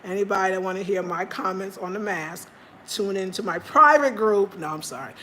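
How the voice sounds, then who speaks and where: An American woman chats on a casual livestream, spinning stories for her viewers in an even, mid-pitched voice. She keeps jumping into high, animated little cries when she acts out what other people said. A faint hum of ambient noise sits behind her. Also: brisk. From United States. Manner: animated storytelling, acting out quotes in high cries; chatty, talks straight to viewers. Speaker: livestream host.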